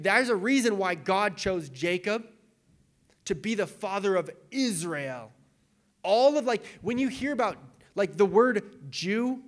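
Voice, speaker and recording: A young adult male pastor delivers a sermon in a relaxed, conversational way, leaning on fillers and casual phrasing. His voice sits fairly high for a man. At times he turns tearful and his voice breaks.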